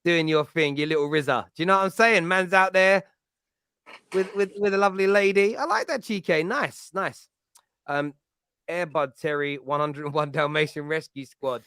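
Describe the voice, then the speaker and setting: A man's voice: a little high, moderate pace, fairly bright tone, clear, resonant tone, dry recording, clean studio sound. A man, hosting a casual football chat and telling rambling, jokey stories. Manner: chatty, rambling, jokey storytelling. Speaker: podcast host.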